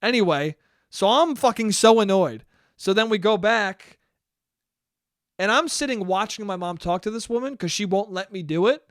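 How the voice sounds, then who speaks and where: A young man hosting a podcast, telling a story in a loose, animated way, swearing freely and acting out what people said. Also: sits high, normal speed, no room sound, clean studio sound. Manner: animated, swears often, acts out quotes. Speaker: podcast host. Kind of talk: casual storytelling monologue.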